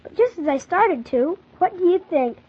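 A woman's voice: very high voice, lively intonation, normal speed, darkish tone. A woman voicing a polite young boy narrator. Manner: earnest, polite. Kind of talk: storybook narration and dialogue. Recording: dull lo-fi old recording.

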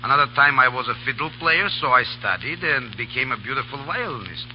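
A playful man jokes in broken English with a lively, swinging pitch. The sound is dull and lo-fi, like a 1930s radio broadcast. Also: brisk, faint music behind. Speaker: actor, guest. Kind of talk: comic radio banter.

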